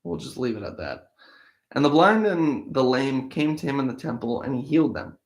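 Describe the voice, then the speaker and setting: A man's voice: medium pitch, lively intonation, normal speed. A man who hosts a daily Bible-reading show, reading verses aloud and then explaining them conversationally while he thinks aloud, with restarts along the way. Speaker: Bible-in-a-year podcast host. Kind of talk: reading scripture aloud, then casual commentary.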